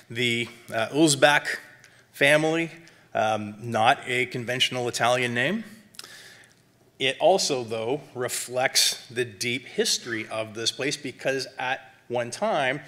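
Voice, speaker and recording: A man presenting a wine seminar, talking in a chatty lecture style full of fillers and quick "right?" check-ins. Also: mid-range voice, pushed and bright. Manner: chatty, lots of um and tag questions; self-described academic.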